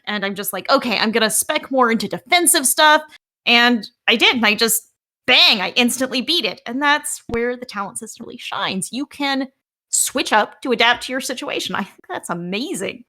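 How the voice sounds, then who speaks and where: A woman on a gaming podcast with a bright, forward voice pitched a little high. She tells her stories eagerly and acts out her own reactions as she goes. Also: normal speed. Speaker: podcast co-host. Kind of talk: casual gaming podcast chat.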